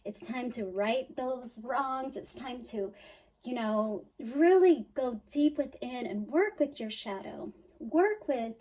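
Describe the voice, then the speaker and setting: Slow, soothing woman reading tarot. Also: a little high, warm tone, low-quality recording. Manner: emphatic, soothing, with sighs and mock-quoted worries. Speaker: tarot reader.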